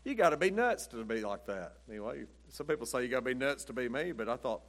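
A man's voice: medium pitch, lively intonation, fast, fairly bright tone. Folksy chuckling preacher, man. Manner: rambling, chuckling, says "but anyway" often. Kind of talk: folksy storytelling sermon.

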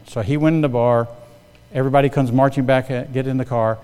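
A man's voice: mid-range voice, fairly even intonation, fast talker, dark tone, clean tone. A middle-aged male pastor preaching a sermon, telling stories and calling for amens from the congregation. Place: church sanctuary. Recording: long hall reverb.

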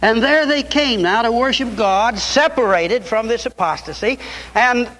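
An older male preacher delivers a fiery sermon in a high, piercing voice. He climbs to loud, impassioned peaks and then sinks to quiet, low asides. His tone is bright and cutting throughout. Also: a little slow.

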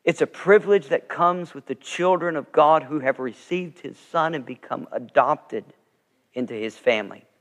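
A man's voice: a little high, normal speed. A man preaching a sermon as pastor, telling stories earnestly and swelling with emphasis. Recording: long reverb of a large sanctuary.

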